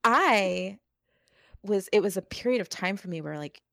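A woman's voice: medium pitch, lively intonation, normal speed, vocal fry, a bit bright, no room sound, studio quality. A woman co-hosting a podcast remotely, talking earnestly in a rambling way full of fillers. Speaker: podcast co-host. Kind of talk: casual chat. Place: calling in from home remotely.

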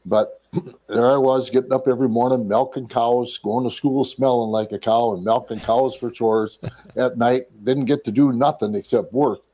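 A middle-aged ministry leader from Wisconsin shares his personal testimony, retelling his life with a storyteller's flow. His voice is warm and mellow, at ordinary male pitch, with a steady tone and moderate pace. He imitates the people he quotes and clears his throat now and then.

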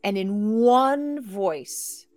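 A woman narrates a tabletop game as game master, in an unhurried, drawn-out delivery. She gropes for words and restarts her sentences as she paints each scene. Soft music plays faintly behind her. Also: medium pitch, no room sound. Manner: descriptive, searching for words with restarts.

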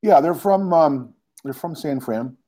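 Guy, warm dark tone, easygoing co-host, hesitant. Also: a little high, lively intonation, a little slow. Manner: laid-back, hesitant with many ums. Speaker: podcast co-host. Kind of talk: casual chat.

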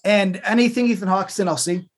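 A husky, mid-range co-host chats casually, lively and quick to act out little quotes. Her talk often stumbles into stammering restarts before she rushes on.

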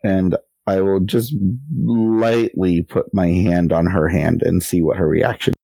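Low, gravelly man playing a tabletop game. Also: fairly even intonation, a little slow, warm tone, no room sound. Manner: thinks aloud, hesitant. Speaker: player.

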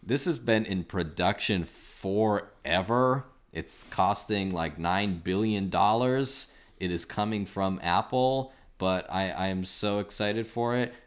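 Deep-voiced male podcast host. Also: slow. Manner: leads the talk, hands out turns. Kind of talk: casual chat.

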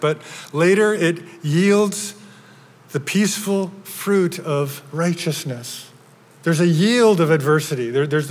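A pastor preaches a sermon in a church sanctuary, his voice slightly high and a little bright. He's earnest, restarting often as his emphasis builds, and the recording carries a long hall reverb.

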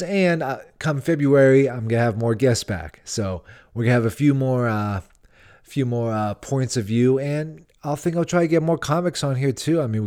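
A man's voice: mid-range voice, darkish tone. A man hosting a solo comedy podcast, ranting sarcastically and slipping into mocking impressions. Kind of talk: casual solo podcast monologue. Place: Nashville.

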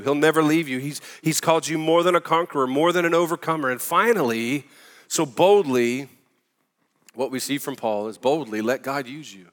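A man preaching a sermon in an energetic, emphatic, conversational way. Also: mid-range voice, long reverb tail. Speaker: pastor.

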